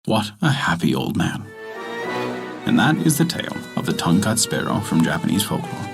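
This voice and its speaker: A man narrating a folk tale and hosting a story podcast, in an expressive, scripted storytelling manner. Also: medium pitch.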